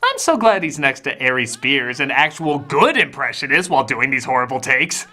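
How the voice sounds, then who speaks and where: A man hosting a comedic film review, delivering scripted, sarcastic, exasperated narration that bursts into shouting. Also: medium pitch, very animated, moderate pace, hardly any pauses.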